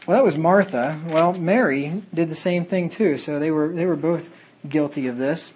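A man's voice: on the high side, moderate pace, darkish tone, a little hiss or hum, low-quality recording. A man preaching a sermon in an earnest manner, reading Bible verses aloud in old-fashioned wording.

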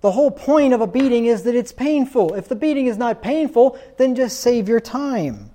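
A man's voice: very high-pitched, expressive, moderate pace, mellow. A man preaching a sermon in a stern, insistent tone, reading scripture aloud and asking rhetorical questions.

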